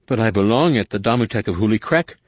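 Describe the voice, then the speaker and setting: A man's voice: fairly low pitch, lively intonation, normal speed, dry recording, clean studio sound, pitched above the performer's own voice, natural voice. A man voicing a male alien spy who grovels and wails in feigned humility, reading an audiobook. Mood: wailing. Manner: wailing, self-abasing.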